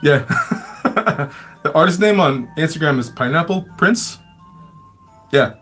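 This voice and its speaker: A man's voice: a little high, expressive, slow, a bit bright, breathy edge, soft background music. Rambling, profane man telling stories. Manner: rambling and profane, many fillers; laughs often. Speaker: livestream storyteller. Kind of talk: casual storytelling chat.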